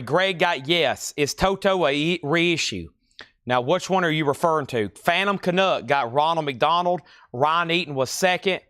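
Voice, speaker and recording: A man with a rural American country accent, hosting a live-stream record sale and calling out titles and prices in brisk patter with dry, joking asides. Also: fairly high pitch, fairly bright tone, dry recording. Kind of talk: live auction sales patter.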